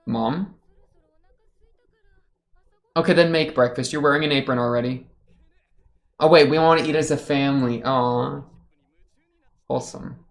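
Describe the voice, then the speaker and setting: A man's voice: mid-range voice, steady tone, unhurried, long pauses. A young man casually commenting while watching an anime episode, chatty and rambling, laughing often. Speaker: reaction streamer.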